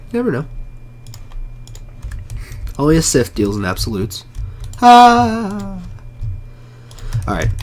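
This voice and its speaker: A hoarse man with a sore, rough throat, muttering casual commentary while he plays a game live. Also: mid-range voice, darkish tone, a little hiss or hum. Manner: mutters to himself while playing, frequent swearing. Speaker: game streamer.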